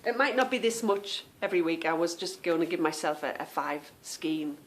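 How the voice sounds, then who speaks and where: A woman's voice: on the low side, animated, moderate pace, slight background noise. A woman from England with a British accent, hosting a podcast in a chatty, meandering way that often trails off. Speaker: podcast host. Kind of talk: casual chat.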